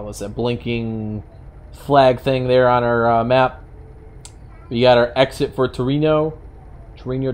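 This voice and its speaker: A man with a New York accent talks through his gameplay in a loose, chatty way. He is wry and slips into mock-indignant rants, with the hum of a game truck's engine underneath. His pitch sits in an ordinary middle range. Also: a little mellow. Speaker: gaming channel host. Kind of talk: casual gameplay commentary.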